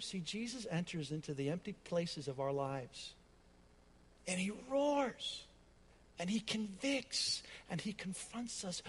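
A man preaching a sermon as pastor, swinging between loud, declaring passages and hushed, soft ones. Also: high voice, in a large hall, a little hiss or hum.

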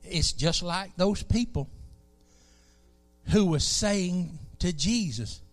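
A man from South Alabama with a Southern accent, preaching a sermon in a folksy, animated way. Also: sits high, slow pace, pauses often, faint music behind.

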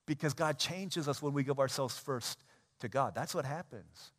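A man preaching a sermon as a pastor, animated and conversational, acting out everyday scenes. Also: medium pitch, moderate pace, slightly rough. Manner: animated, acts out everyday scenes in quoted voices. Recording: long church hall reverb.

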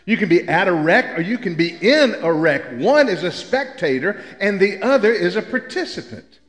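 A man's voice: sits high, very animated, moderate pace, fairly bright tone. An older man from Memphis, preaching a sermon with folksy, humorous storytelling. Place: church sanctuary. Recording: echoey church hall.

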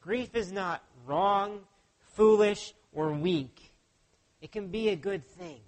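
High-voiced man preaching a sermon. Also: slow. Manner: earnest, asks the listeners rhetorical questions. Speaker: pastor.

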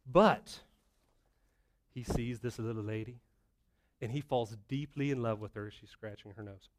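A middle-aged male pastor preaching a conversational sermon, animated and full of rhetorical questions. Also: mid-range voice, a little slow.

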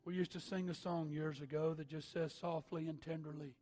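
A man preaching an altar call sermon, reading scripture and building to shouted, sing-song appeals. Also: on the high side, fairly even intonation, a little fast, soft background music. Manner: reads scripture in King James wording.

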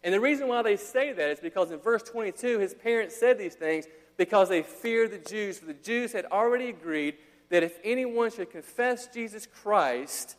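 A man preaching with a high, bright-pitched voice that rises to near shouts when he acts out the people in his story. He keeps dropping casual slang between the scripture lines. His voice rings with a long reverb, as in a big hall. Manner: animated preaching, acting out quotes, casual slang asides. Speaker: pastor. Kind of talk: sermon.

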